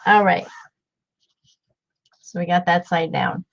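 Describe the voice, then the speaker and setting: Slow, chatty woman on a lo-fi livestream. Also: lowish voice, gravelly. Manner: chatty, rambling, repeats herself while crafting. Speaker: craft livestream host. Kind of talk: casual livestream chat.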